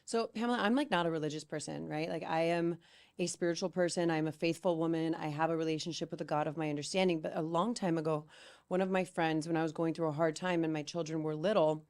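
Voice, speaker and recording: A woman guest on a podcast, telling family stories in a casual, animated way, full of "like" and "right?". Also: low voice, quick pace. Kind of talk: casual storytelling chat.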